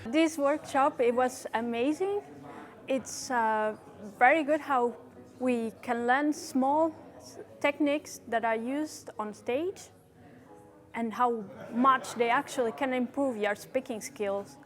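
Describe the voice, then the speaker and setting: Slow, high-voiced woman. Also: faint music behind. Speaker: workshop participant. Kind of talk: testimonial.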